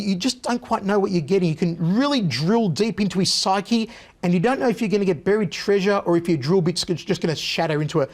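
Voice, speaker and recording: A man, a guest on an interview show, telling lively anecdotes and mimicking the voices of the people in them. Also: high voice.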